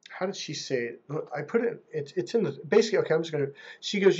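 A man with a fairly high, husky voice, coaching on relationships in a casual talk to camera. He is animated and slips into impressions of other people as he goes. The audio sounds dull and lo-fi. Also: fast, few pauses.

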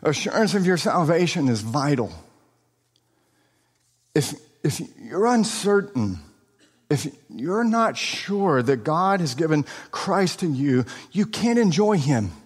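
Earnest guy preaching in a hall, fairly high voice, slow and deliberate, big reverb. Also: big pitch swings, husky. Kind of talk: sermon.

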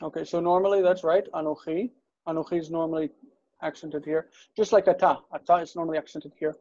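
A man with a mellow, gravelly voice teaches an online class. He explains patiently and walks through examples step by step. His voice sounds muffled and close, like dull video call audio with no room around it. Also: on the high side, steady tone, fast talker, no echo. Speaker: Hebrew teacher.

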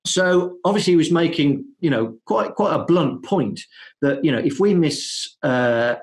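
A man's voice: fairly high pitch, lively intonation, unhurried. Hesitant, filler-heavy man explaining. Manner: hesitant, many fillers and restarts. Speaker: guest dentist. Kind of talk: conversational podcast interview.

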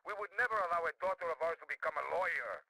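A proud, courteous colonel frets over family honor in a crime game. His bright voice swings up and down as he pleads politely. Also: on the high side, lively intonation, rapid-fire, breathy edge, dry recording, heavily acted, rough recording. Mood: fretful.

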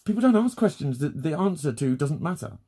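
A man's voice: fairly high pitch, very animated, fairly quick, mellow, breathy edge. A man vlogging, swearing constantly and often laughing through an exasperated rant. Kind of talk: unscripted ranting monologue.

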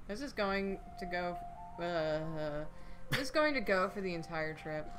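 A woman's voice: fairly low pitch, lively intonation, measured pace, over music. A woman co-hosting a casual game stream from home, chatting and reading out chat messages. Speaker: stream co-host.

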